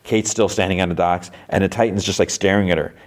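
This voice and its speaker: Male podcast host, deep voice, casual rambling recap style. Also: fairly even intonation, fast talker. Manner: rambling with many fillers, briefly acting out characters' lines in a raised voice.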